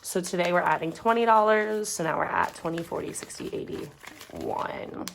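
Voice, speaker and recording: A woman's voice: on the low side, normal speed, vocal fry, a little hiss or hum. A woman in her twenties chatting casually as a budgeting vlogger, rambling and muttering numbers as she counts bills at home. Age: 20s. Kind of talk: casual chat while counting cash. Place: home, dog nearby.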